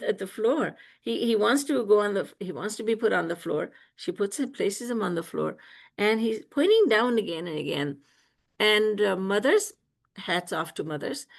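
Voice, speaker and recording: A woman spiritual teacher telling devotional stories in an animated way, often laughing and acting out scenes, over a video call. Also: mid-range voice, vocal fry. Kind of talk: devotional storytelling discourse.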